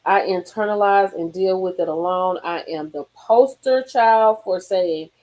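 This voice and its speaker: A woman hosting a casual live stream from a car, reading gossip aloud and reacting with sudden high exclamations and low murmurs. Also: measured pace, poor audio. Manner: animated, swings into high exclaims and drops to murmurs.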